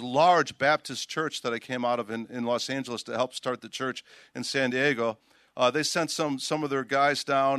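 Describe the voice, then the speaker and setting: An older man, a pastor, preaching a sermon outdoors, reading scripture aloud with emphasis and telling stories in an animated way. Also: mid-range voice, no echo.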